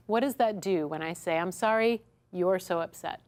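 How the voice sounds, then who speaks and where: A woman's voice: on the low side, normal speed, a little mellow. A woman instructor teaching a workshop lesson to a small audience. She acts out customer dialogues as she goes and keeps checking in with "right?". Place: studio classroom with a small audience.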